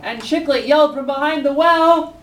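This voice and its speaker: A woman narrating a children's stage play, telling the story slowly and clearly while cueing the young performers. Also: medium pitch, lively intonation, slight background noise. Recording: echoey stage from far off with music.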